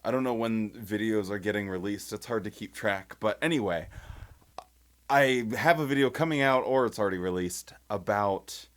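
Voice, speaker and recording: A man's voice: on the low side, moderate pace. A young man giving casual commentary, sarcastic and mocking, often laughing and breaking off mid-thought. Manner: sarcastic, animated, laughing mockery. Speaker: video commentator.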